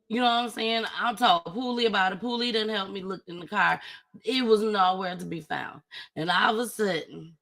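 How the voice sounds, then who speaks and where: Bright-voiced woman telling a story. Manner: animated, with big swings in pitch and loudness. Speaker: host. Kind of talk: casual storytelling.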